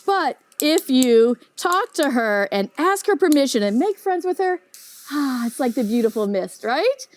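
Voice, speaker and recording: A woman teaching a children's Bible lesson, animated and often asking the kids questions. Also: high-pitched, unhurried.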